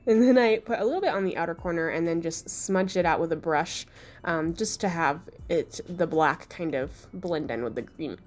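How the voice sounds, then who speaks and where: A young woman with a hoarse, sick-sounding voice, chatting her way through a makeup tutorial voice-over in a relaxed, self-deprecating way. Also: on the low side, normal speed. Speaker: beauty vlogger.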